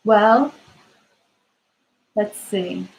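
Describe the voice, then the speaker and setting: A woman gives a live tarot reading in a reassuring, unhurried way. She pauses to think aloud and fills the gaps with soft "ums". Her voice sits at an ordinary middle pitch for a woman. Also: creaky, poor audio. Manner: gentle, reassuring, thinks aloud with frequent fillers. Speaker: tarot card reader. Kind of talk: live-stream card reading, answering viewer questions.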